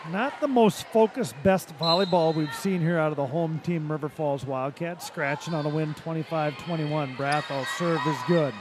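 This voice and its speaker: Amid loud crowd and gym noise, a male play-by-play announcer calls a high school volleyball match. His calls come rapidly and rise to shouts on big points.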